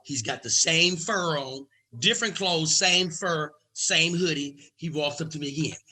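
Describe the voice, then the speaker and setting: A man from the United States, a comedian guest, telling a lively story and acting out each voice. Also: a little high, a little slow, poor audio. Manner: lively, acts out every voice. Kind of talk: animated storytelling.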